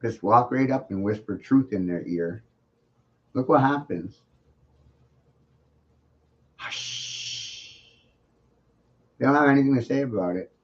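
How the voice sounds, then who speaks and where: A man's voice: mid-range voice, fast. A man hosting a livestream, delivering a taunting monologue full of repetition and rhetorical questions. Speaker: livestream host. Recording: muffled lo-fi stream audio.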